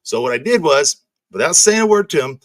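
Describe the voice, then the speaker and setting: Male stream host from Texas, higher voice, swings widely in pitch, profane storyteller, dry close sound. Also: big pitch swings, fairly quick, dry recording. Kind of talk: storytelling in casual chat.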